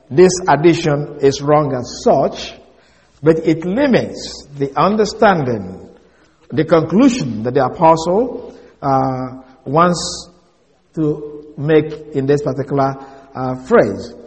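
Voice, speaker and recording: A man teaching a Bible passage as an expository sermon, speaking deliberately and emphatically and repeating key phrases. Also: on the high side, darkish tone. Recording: long hall reverb.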